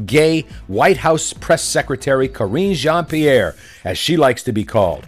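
Guy ranting sarcastically on his commentary show, mid pitch, bit of music underneath. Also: breathy edge. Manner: sarcastic, derisive, emphatic. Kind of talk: mocking political commentary.

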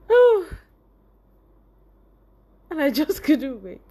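A young woman with a Nigerian accent tells a personal story straight to her viewers. Her voice sits high and keeps breaking into laughter and tearful emotion. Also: mellow. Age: young adult. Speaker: vlogger.

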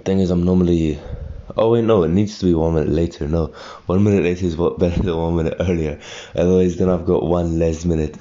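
A man's voice: low voice, fairly even intonation, fast talker, mellow, muffled recording. A young man just out of bed, rambling and correcting himself in a casual solo podcast. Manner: rambling, self-correcting, thinking aloud. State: just woken up, tired.

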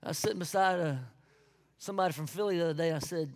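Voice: mid-range voice, very fast, in a large hall. A pastor with a Southern US accent preaching a sermon with folksy asides and sudden whoops of joy.

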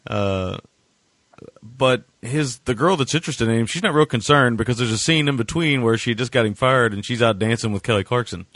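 A man's voice: mid-range voice, a little fast, a bit bright, no room sound. A man co-hosting a casual movie review podcast, rambling and sarcastic, with lots of filler words. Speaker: podcast co-host.

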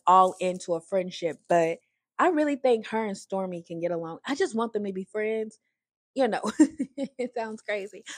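A woman with a medium-pitched voice, captured dry with clean studio sound, recaps a reality show in a chatty, opinionated way. She says "like" a lot, restarts sentences, and acts out the people she discusses in raised voices.

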